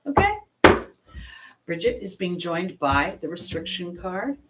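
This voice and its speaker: A woman's voice: fairly low pitch, sing-song, measured pace, a bit bright, a little hiss or hum. A woman, an intuitive astrologer, giving a casual oracle card reading and chatting expressively straight to her viewers.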